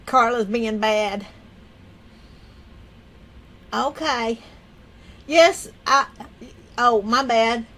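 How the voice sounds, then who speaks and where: Slow, high-voiced woman chatting. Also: fairly bright tone. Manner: rambling, folksy, laughs often. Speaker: livestream host. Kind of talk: casual livestream chat.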